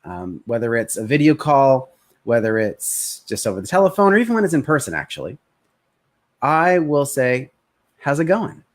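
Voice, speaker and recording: An energetic male sales coach talks straight to a webcam on a live stream. He speaks casually, at a middle pitch, and slips into short impressions of tired customers to make his points. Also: normal speed. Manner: energetic, conversational, acts out prospects' voices.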